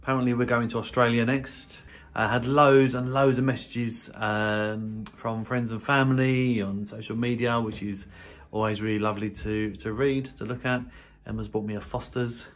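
A man's voice: mid-range voice, flat delivery, normal speed. A man chatting cheerfully in a casual family vlog. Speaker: vlogger, birthday boy.

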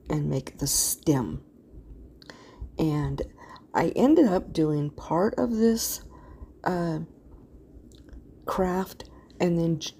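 Here the middle-aged woman's voice is low and warm, with slight background noise behind it. As host of a craft channel, she narrates a casual tutorial in a rambling way, losing track of her words and yawning while she talks.

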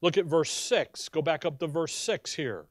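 A male pastor in a church, his voice on the high side and his pace moderate, delivers an animated sermon in which he quizzes the congregation and tells personal stories. The recording is dry.

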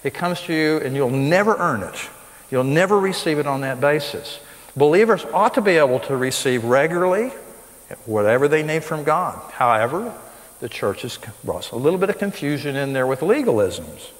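A man's voice: on the high side, very animated, normal speed. A man preaching a sermon to a live audience, emphatic, with his voice rising sharply on the points he stresses. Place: school hall with live audience. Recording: long reverb of a large hall.

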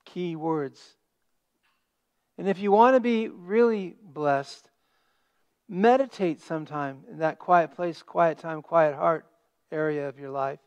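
A man preaching a sermon as pastor, stressing key words and dropping to a hush at the ends of phrases. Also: a little high, slow, long pauses, smooth, dull audio. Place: church sanctuary.

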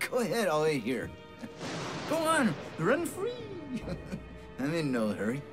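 A man's voice: on the high side, wildly swooping pitch, slow, heavily acted. An actor playing a jovial, menacing male captor in a game, taunting and sarcastic in a chummy way. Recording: game audio under music.

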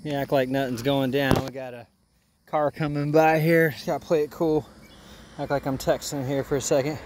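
A man giving casual, joking commentary outdoors by a pond while fishing, excitable and quick to chuckle. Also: medium pitch, noisy background. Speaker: fishing vlogger.

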